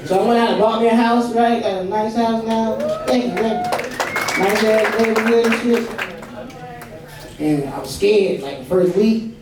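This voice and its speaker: A man's voice: high voice, normal speed, heavy background noise. A man doing a stand-up comedy set on a club stage, telling stories in a profane, laughing way. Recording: echoey club from far off, crowd.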